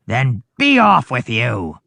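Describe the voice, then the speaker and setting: A storybook reader voicing a hungry, greedy male troll who guards a bridge, dropping lower and gloating. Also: wildly swooping pitch, slow, gravelly, sharp tone, no room sound, full character voice. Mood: menacing.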